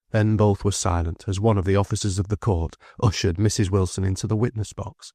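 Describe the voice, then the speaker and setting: Man narrating a classic novel: measured, expressive, fairly low voice, dry studio sound. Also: dry recording. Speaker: audiobook narrator. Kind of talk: scripted audiobook narration.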